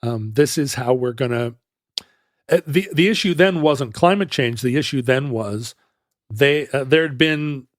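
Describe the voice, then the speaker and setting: A man's voice: medium pitch, measured pace, no echo. A man in the middle of his range talks through history on a casual podcast, circling back and fixing his phrasing as he goes. His voice sits close to the mic with no room sound at all. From United States. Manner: rambling, self-correcting, explanatory. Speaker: podcast co-host. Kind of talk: casual chat.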